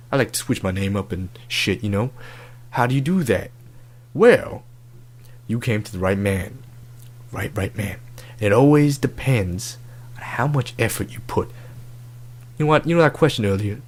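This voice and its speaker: A man's voice: medium pitch, natural voice. A man playing a brash, crude love-advice doctor in a comedic podcast bit, talking in swaggering, profane slang.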